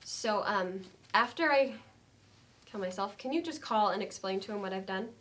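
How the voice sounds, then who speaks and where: An actress playing a bitter, suicidal middle-aged woman who speaks in a dry, deadpan way, hesitant with ums. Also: medium pitch, moderate pace, close to an everyday voice. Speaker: actor in a scene. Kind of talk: stage comedy scene. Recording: faint noise in a training studio.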